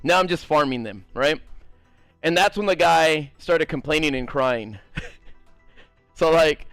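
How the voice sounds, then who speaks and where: A man streaming a game, telling a story in a casual, animated, swearing ramble and talking to his chat. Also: on the high side, smooth, dry recording, faint music behind. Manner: animated, profane, fast-rambling. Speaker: gaming streamer.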